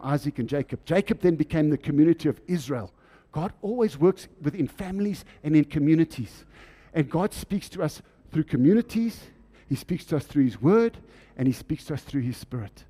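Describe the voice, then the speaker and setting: Male preacher, sermon delivery, warm dark timbre, rhetorical questions to the room. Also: a little high.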